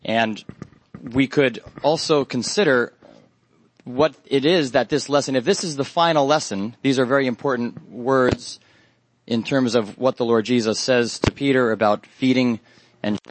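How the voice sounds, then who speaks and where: A man giving an expository Bible study sermon, earnest and halting, lifting his voice on quoted questions. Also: mid-range voice, low-quality recording. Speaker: Bible teacher.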